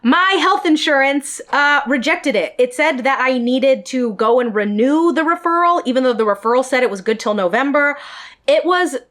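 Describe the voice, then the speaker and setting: A woman's voice: high voice, expressive, normal speed, a bit bright. A woman telling a personal story in a storytime vlog, speaking directly to her viewers. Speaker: vlogger.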